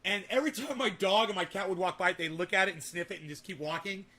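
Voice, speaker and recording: A man's voice: sits high, fast, pushed and bright. A man telling rambling, profanity-laden stories in a casual home vlog. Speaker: vlogger. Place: home with garden and indoor grow.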